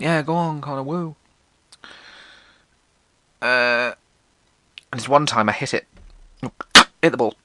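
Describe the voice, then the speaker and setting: A man's voice: bright, forceful tone, no room sound. A man telling funny stories about his own life in an irreverent, self-mocking way, swearing freely and acting out what people said. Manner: acts out quotes in jumpy pitch. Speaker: podcast host. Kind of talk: comedic personal storytelling.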